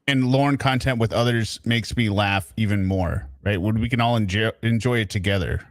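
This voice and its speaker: A man's voice: on the low side, normal speed, no room sound, studio quality. A man hosting a live stream, chatting casually and often tagging his points with "right?". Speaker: stream host.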